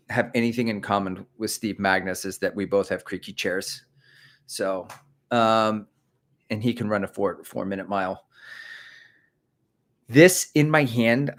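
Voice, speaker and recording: A middle-aged man hosting a casual running livestream, rambling and self-mocking as he chats about shoes. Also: fairly low pitch. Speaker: running channel host. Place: indoors, creaky chair.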